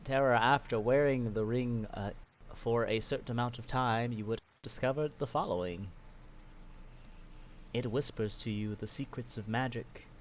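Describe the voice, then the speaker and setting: A man runs a tabletop role-playing game, narrating in a calm, matter-of-fact voice at a middle pitch. Faint noise sits under his voice. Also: moderate pace. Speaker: game master.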